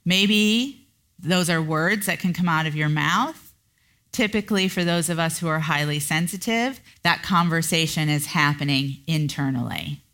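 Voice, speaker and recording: A middle-aged woman hosting a solo coaching podcast, explaining ideas and now and then acting out inner voices. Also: moderate pace. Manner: animated, acts out inner voices in a high pitch. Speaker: podcast host and business coach.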